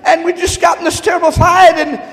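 A man's voice: very high voice, flat delivery, brisk, vocal fry, a bit bright, shouting, some chatter behind, voice pushed up, exaggerated voice. A man voicing a distraught young newlywed wife, wailing in a breathless rush, in an echoey church hall.

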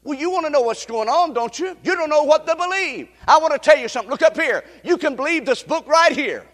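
A man preaching a sermon emphatically, repeating phrases and rising to shouts, recorded in a church sanctuary. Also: extremely high pitch, expressive, quick pace. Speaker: pastor. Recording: long reverb in a large hall.

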